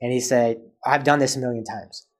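A man's voice: medium pitch, fairly even intonation, fairly quick. A man as a podcast guest, telling a personal story in casual chat and acting out both sides of past conversations.

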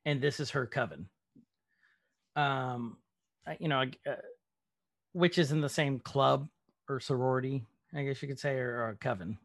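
A man's voice: medium pitch, normal speed, gravelly, long pauses, no room sound. A man hosting a casual recap chat, rambling along with plenty of ums. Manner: chatty, rambling with many ums. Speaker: podcast host.

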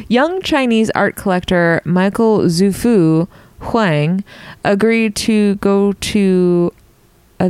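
A woman's voice: medium pitch, a little mellow, smooth, no room sound. A woman co-hosting a casual podcast, reading a news article aloud and stumbling and restarting over words. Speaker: podcast co-host.

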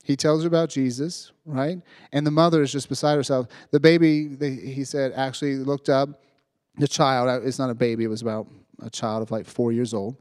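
Male youth preacher, mid pitch, dry close sound, animated storytelling sermon. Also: brisk, clean tone, no room sound. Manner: animated retelling, acting out voices, frequent "right?".

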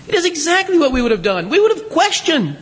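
High, bright-voiced preacher in a reverberant church. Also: male voice, very animated, quick pace. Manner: conversational, frequent rhetorical questions and asides. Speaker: pastor. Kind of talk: sermon. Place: church sanctuary. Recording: long reverb of a large hall.

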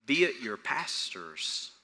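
Bright-voiced man preaching a sermon. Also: medium pitch, slow pace. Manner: earnest and animated, repeating phrases for emphasis. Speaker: pastor.

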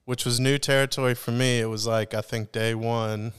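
A male podcast host with a very smooth, resonant voice and a mid-range pitch. He talks in a chatty, upbeat way and keeps things light with jokes. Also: flat delivery, normal speed. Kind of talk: casual podcast conversation.

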